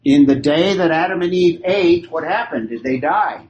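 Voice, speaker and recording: A man's voice: fairly high pitch, lively intonation, normal speed, a little mellow, dull audio. A man teaching a Bible class, who asks his group questions, repeats their answers and leans hard on key phrases. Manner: emphatic, stretches key phrases. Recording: roomy hall recording, faint hiss.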